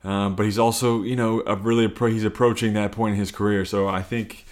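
A man's voice: fairly low pitch, little pitch movement, brisk, a little mellow. A man hosting a casual solo podcast, rambling and swearing, interrupting himself as he talks. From Cincinnati. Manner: rambling, profane, self-interrupting. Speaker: podcast host.

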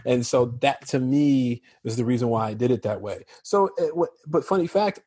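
An American man from Chicago chats as an interview guest, his voice slightly husky and recorded close and dry. He tells his stories with animation and laughs often. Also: medium pitch, moderate pace, dark tone, no echo. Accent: General American. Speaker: actor guest. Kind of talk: casual interview chat.

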